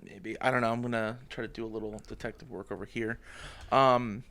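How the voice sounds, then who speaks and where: A man's voice: lowish voice, fairly even intonation, a little fast, a bit bright, slight background noise. A man in his twenties co-hosting a podcast, telling a rambling story with many restarts in casual chat. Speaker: podcast co-host.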